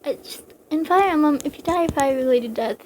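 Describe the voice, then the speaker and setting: A woman's voice: high-pitched, fairly quick, a little hiss or hum, rough recording. A young woman casually reading a story aloud, breaking off for giggly jokes. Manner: giggly, joking digressions. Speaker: reader.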